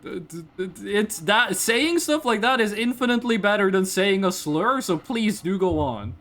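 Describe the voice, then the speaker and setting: Lively woman streamer. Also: mid-range voice, moderate pace. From Norway. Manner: animated, blunt, swears freely, laughs often. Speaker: VTuber streamer. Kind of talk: casual live-stream chat, reading chat.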